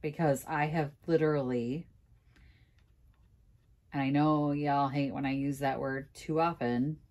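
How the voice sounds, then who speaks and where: A woman vlogging casually to camera about a furniture project, halting and sighing, on the verge of tears. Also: deep voice, steady tone, a little mellow. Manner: halting, sighing, laughing through frustration. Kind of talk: casual vlog talking to camera.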